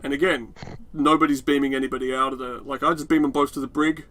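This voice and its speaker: Bright-voiced Australian man, sarcastic. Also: medium pitch, fairly even intonation, quick pace. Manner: sarcastic, mocks scenes in put-on voices. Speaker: podcast co-host. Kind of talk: casual review chat.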